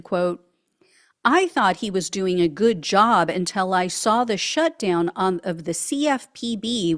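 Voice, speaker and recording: At a medium pitch, a woman hosts a political commentary show, reading social media posts aloud. She adds sarcastic remarks and laughs frequently.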